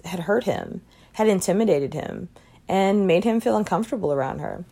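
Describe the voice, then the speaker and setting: A woman reading a short story aloud in a calm, even manner. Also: fairly low pitch, moderate pace. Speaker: reader.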